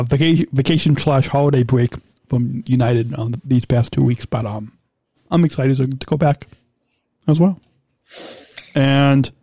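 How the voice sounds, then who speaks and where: A man co-hosting a relaxed podcast, feeling his way through sentences with frequent ums and restarts. His voice sounds dry and close. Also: fairly high pitch, dry recording. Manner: hesitant, many ums and restarts. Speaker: podcast co-host. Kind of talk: casual podcast chat.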